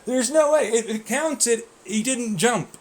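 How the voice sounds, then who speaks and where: A young man with a very high voice speaks a little slowly as he animatedly recounts racing stories in casual conversation. The racer swears, laughs a lot, and puts on mock voices to quote people.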